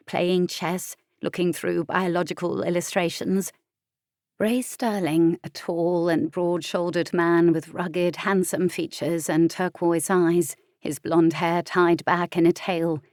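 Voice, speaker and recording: A woman narrating an audiobook with expressive storytelling. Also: lowish voice, dry recording, clean studio sound.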